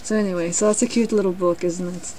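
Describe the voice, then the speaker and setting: A woman's voice: lowish voice, fairly even intonation, quick pace, warm tone, slight background noise, poor audio. A woman in a casual vlog reading from a family book, chatting in rambling asides and laughing often. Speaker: reader sharing her grandmother's books.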